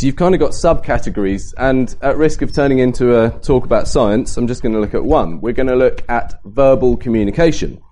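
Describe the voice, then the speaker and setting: A man giving a Bible talk at a camp, lively and varying his pace and emphasis to make points. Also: mid-range voice. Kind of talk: sermon to a youth camp.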